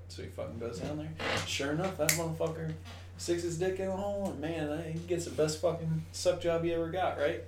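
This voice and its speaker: A man's voice: a little high, fairly quick. A man telling a long crude joke on a podcast, swearing freely. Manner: storytelling joke teller, profane. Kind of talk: crude casual chat. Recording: roomy, distant mic, faint noise.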